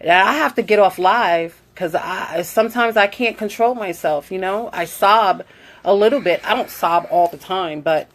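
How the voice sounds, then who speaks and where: A woman's voice: mid-range voice, moderate pace. A woman hosting a casual live video, chatting, reading out viewer comments and coaching her daughter in a motherly way. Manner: chatty, reads out viewer comments and greets them warmly. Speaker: livestream host.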